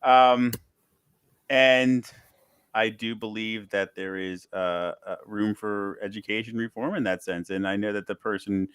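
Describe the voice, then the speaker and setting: A man's voice: on the low side, steady tone, fairly bright tone, clear, resonant tone, no echo, clean studio sound. A man hosting a casual podcast chat, who stumbles and repeats words before finding his point. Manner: halting, repeats words before getting going.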